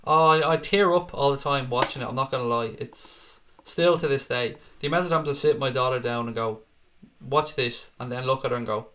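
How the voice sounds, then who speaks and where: Man, 30s, live-stream host, casual chat, blunt, swearing, middle pitch. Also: brisk, a bit bright. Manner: chatty, blunt, swears freely, calls viewers mate. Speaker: fan channel host reading live chat.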